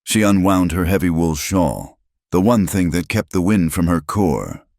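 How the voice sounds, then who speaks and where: A man narrating a scripted western tale in a measured, dramatic reading style. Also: low voice, expressive, a little mellow, dry recording, clean studio sound.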